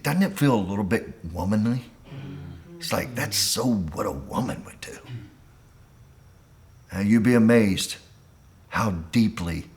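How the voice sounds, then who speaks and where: A male pastor with a lowish voice preaches to men on a call, pleading and impassioned. He sinks to a quiet tone, then climbs to nearly a shout.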